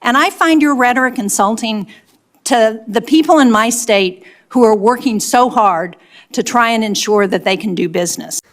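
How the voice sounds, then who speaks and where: A woman's voice: fairly high pitch, moderate pace. An older woman, a senator, pressing an official with firm, pointed questions at a hearing.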